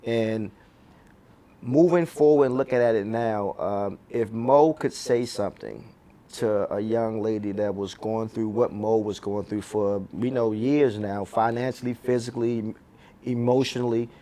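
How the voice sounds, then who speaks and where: A man's voice: fairly low pitch, a little slow, mellow. A man hosting a radio interview, talking casually and agreeing often as his guest speaks. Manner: casual, empathetic, frequent agreeing backchannel. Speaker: radio host. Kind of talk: interview conversation.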